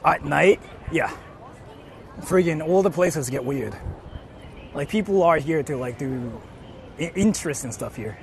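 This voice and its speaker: A man's voice: a little high, lively intonation, measured pace, gravelly, pauses often, a little hiss or hum. A young man live-streaming outdoors on a city street, reading chat aloud and rambling with lots of "like". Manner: rambling, heavy use of "like". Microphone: portable streaming mic.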